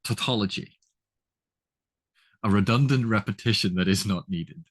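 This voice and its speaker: A man's voice: fairly low pitch, moderate pace, breathy edge. A man giving a chatty, casual lesson on literary terms, laughing at his own examples and often restarting his sentences. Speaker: literature educator.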